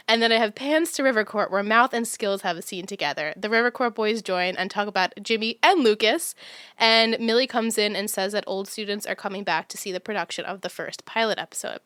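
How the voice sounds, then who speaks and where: Podcast co-host, woman, conversational, reads from her notes with easy laughs; smooth tone, dry room. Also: medium pitch, brisk, fairly bright tone, dry recording. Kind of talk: casual chat about a TV show.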